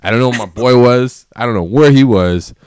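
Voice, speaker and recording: A man's voice: mid-range voice, a little fast, darkish tone, clear, resonant tone, no room sound, studio quality. A man telling a party story in casual chat, acting out quotes and laughing often. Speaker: guest.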